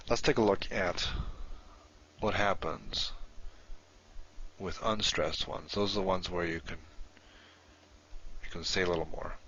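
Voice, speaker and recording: A man's voice: deep voice, a bit bright, slightly rough, muffled recording. A man teaching a recorded lesson, explaining step by step and correcting himself as he goes.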